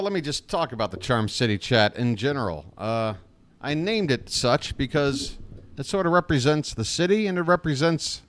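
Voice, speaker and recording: A man's voice: medium pitch, no room sound. A man hosting a live fan play-by-play stream, chatty, often calling his listeners folks, with frequent fillers.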